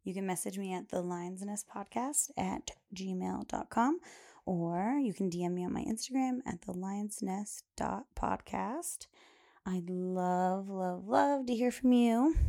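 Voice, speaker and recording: A woman's voice: medium pitch, creaky, dark tone. A woman hosting a podcast, talking in a casual, rambling monologue full of fillers. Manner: chatty, rambling, many fillers. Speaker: podcast host.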